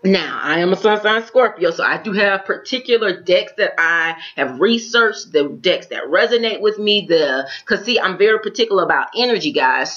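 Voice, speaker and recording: A woman's voice: fairly low pitch, fairly bright tone, lo-fi sound. A woman with a Florida accent, chatting to her viewers and giving a tarot reading in an upbeat, chatty way. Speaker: tarot reader. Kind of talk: casual tarot reading to camera.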